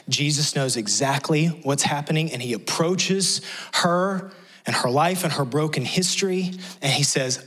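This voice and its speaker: A man's voice: a little high, lively intonation, moderate pace, a bit bright, husky. A man preaching a sermon, retelling a Bible story in a conversational way and dropping to a whisper for emphasis. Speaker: pastor.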